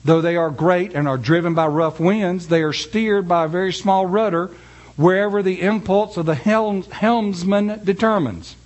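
A man preaching a sermon, reading scripture slowly and emphatically, then telling a folksy story to his congregation. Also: high voice.

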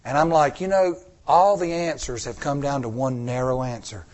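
A man preaching a sermon in an emphatic style, slowing down on key words and calling out to the congregation. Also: mid-range voice, a little mellow. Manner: emphatic, slows down on key words, call-and-response. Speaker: pastor.

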